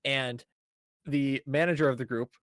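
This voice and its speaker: A man's voice: medium pitch, fairly even intonation, unhurried, a bit bright, no room sound, studio quality. A man co-hosting a podcast, giving a rambling, casual recap of a show, laughing and swearing freely as he talks. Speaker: podcast co-host.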